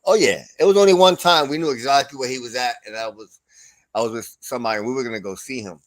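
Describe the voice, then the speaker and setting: A middle-aged man talks casually on a livestream, spinning profane stories and breaking into laughs. His voice sits mid-pitch and sounds dry and close to the mic. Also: fast talker, no room sound. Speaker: stream host.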